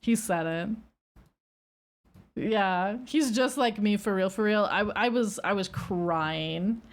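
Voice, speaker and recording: A woman streamer chats casually with her audience, telling a rambling story in an animated way and squealing when excitement hits. Her voice is mid-range, and she talks slowly.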